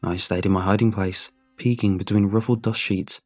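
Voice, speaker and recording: Husky-voiced male story narrator. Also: lowish voice, fairly even intonation, darkish tone, faint music behind. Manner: measured and reflective.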